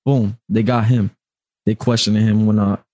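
A man from Brooklyn, a podcast guest telling an animated, profanity-laced story. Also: fairly low pitch, moderate pace. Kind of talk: casual storytelling.

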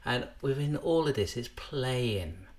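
A man hosting a podcast, calmly explaining parenting techniques in an instructional way and sometimes acting out what parents say. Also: medium pitch, slow pace. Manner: calm, explanatory, acts out parents' voices. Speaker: podcast host, NLP trainer.

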